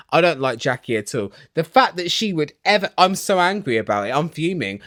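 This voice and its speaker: A man ranting excitedly while recapping reality TV in a small home studio, swearing and dramatic. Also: a little high, brisk, hardly any pauses, dry recording.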